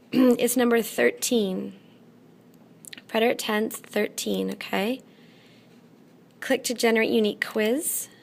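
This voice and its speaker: Slow, gravelly-voiced woman teacher. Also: a little high, fairly even intonation. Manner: slow, patient, checks in with "okay?" often. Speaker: Spanish teacher. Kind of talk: classroom lesson.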